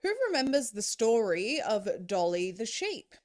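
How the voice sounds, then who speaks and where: Lively woman narrating facts. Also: a little high, measured pace, heavy background noise. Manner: informative, explanatory. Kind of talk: scripted narration.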